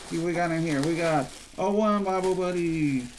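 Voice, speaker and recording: A man's voice: on the high side, normal speed, a little hiss or hum. A man chatting playfully through a casual unboxing, rambling and humming as he goes. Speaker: unboxing host.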